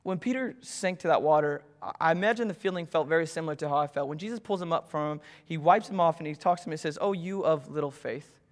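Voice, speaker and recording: A young man preaching a sermon, telling a personal story and swinging between loud urgency and hushed intimacy. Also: on the high side, quick pace, few pauses. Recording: hall reverb.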